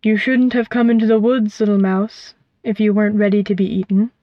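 A woman voicing a huge, predatory female owl who talks in a calm, cooing, unhurried way, in a dull, dry recording. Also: medium pitch, no room sound, natural voice.

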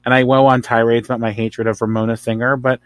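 A man's voice: medium pitch, level tone, fast talker, clear, resonant tone, dry recording. A man from New Jersey, a podcast guest chatting casually and giving strong, rambling opinions with lots of asides. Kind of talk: casual chat.

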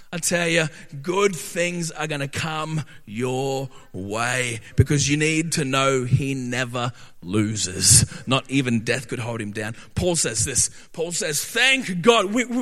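Male preacher, high and sharp, emphatic, builds to shouts, recorded with long hall reverb. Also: animated, slow pace. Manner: emphatic, repeats rhetorical "right?", builds to shouting. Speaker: pastor. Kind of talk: sermon.

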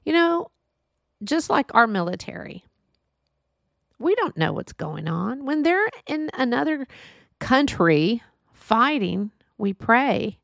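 A middle-aged Texan woman hosts a podcast, telling a heartfelt story in monologue and acting out the voices of its characters with earnest warmth. Her voice is a little high, sing-song, slightly bright and creaky, and she speaks slowly with frequent pauses. The studio-quality recording has no room sound.

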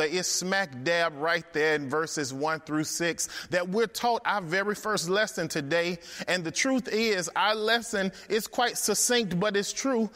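A man's voice: sits high, bright, forceful tone, big-room sound. A man preaching a sermon, emphatic and rhythmic, repeating phrases for effect.

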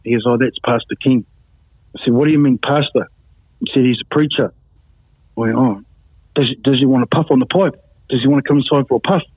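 A man's voice: medium pitch, fairly quick, pauses often, breathy edge, no room sound. A man telling his life story in casual talk, acting out the voices of others and laughing often. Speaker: guest telling his testimony. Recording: tinny phone-like line, dry.

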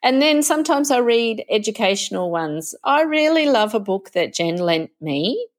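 A woman's voice: a little high, big pitch swings, moderate pace. Laughing woman, business owner. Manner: warm, laughs often, emotional. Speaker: guest, nature play business owner. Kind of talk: casual interview chat.

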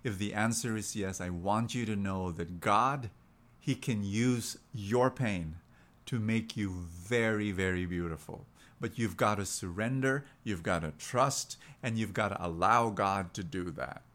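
A man hosting a Christian radio program, telling an inspirational story in an earnest, animated way, with lots of emphatic repetition. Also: on the low side, a little slow. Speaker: radio preacher, host.

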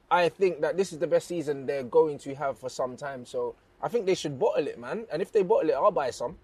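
A man's voice: fairly high pitch, a little fast, few pauses, darkish tone, a little hiss or hum. A young man giving dry, sarcastic put-downs as a mock fan pundit.

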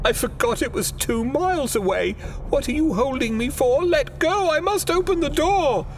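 A frantic old mother shrieks to be let go, as a man voices her high above his own deep tone. Her voice swoops wildly and rises to a strained cry. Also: expressive, normal speed, slight background noise. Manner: shrill, desperate crying out.

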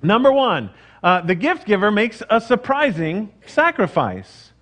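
A middle-aged pastor with a drawl and a fairly high voice preaches in a relaxed, conversational way. He jokes at his own expense, repeats himself, and stops to restart his sentences, so the sermon sounds more like friendly talk than an address. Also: measured pace. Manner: conversational, self-deprecating, with frequent fillers and restarts. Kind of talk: casual sermon.

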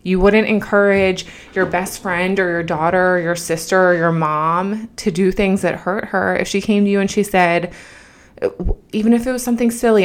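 A woman's voice: medium pitch, steady tone, moderate pace. A woman hosting a podcast, giving an earnest, emotional pep talk and repeating phrases for emphasis. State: emotional, has been crying. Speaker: podcast host.

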